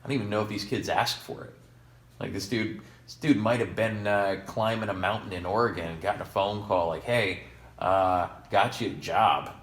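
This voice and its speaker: Podcast co-host, male, low-pitched, wry and meandering, roomy echo. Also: steady tone, fairly quick. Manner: rambling, sarcastic, jokey asides. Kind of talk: casual chat. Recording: echoey room.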